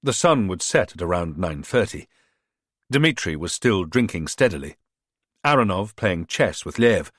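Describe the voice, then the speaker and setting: Low, husky male audiobook narrator. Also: no echo, clean studio sound. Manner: expressive, measured storytelling. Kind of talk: scripted narration.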